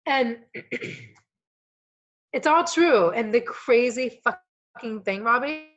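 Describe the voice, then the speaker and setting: A woman guest on a coaching podcast, telling personal stories in an animated, emotional way, swearing freely and rambling as she goes. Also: fairly high pitch, extremely slow, muffled recording. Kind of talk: casual storytelling conversation.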